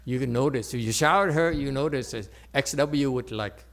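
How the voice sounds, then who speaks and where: A Chan meditation teacher with a mid-range, slightly bright voice speaks at a moderate pace in a meditation center hall. He gives a joking, playful dharma talk and often checks in with the audience.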